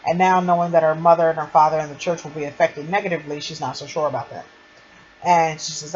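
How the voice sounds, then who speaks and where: A woman's voice: low voice, fairly even intonation, quick pace. A woman giving a casual, gushing fan recap of a TV drama episode. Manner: chatty, gushing fan retelling of scenes. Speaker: TV episode reviewer. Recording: dull lo-fi sound with faint noise.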